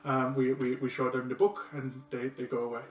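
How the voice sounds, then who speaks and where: A man's voice: medium pitch, monotone, brisk, lightly acted. A man voicing a flustered male clerk who rambles hesitantly, recorded in a roomy space from a distance with faint music behind. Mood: fumbling. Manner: rambling and hesitant, many ums.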